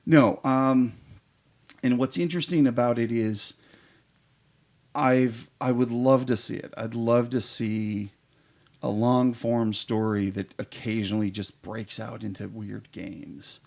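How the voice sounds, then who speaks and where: A man with a gravelly, creaky voice talks in a relaxed podcast chat. He tells eager, rambling stories as an improv performer and trails off into fillers as he goes. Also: mid-range voice, slow.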